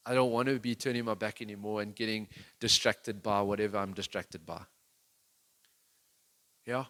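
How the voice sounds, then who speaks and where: A man's voice: lowish voice, fairly bright tone. A man preaching a sermon as pastor, talking in a conversational, earnest way that rises into emphatic bursts.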